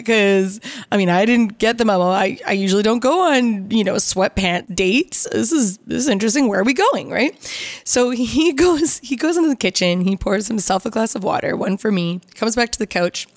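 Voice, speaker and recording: Lively woman telling a story, dry sound. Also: brisk, dry recording. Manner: animated, acts out both sides of conversations with lively pitch jumps. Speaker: storyteller recounting dates. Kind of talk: casual storytelling.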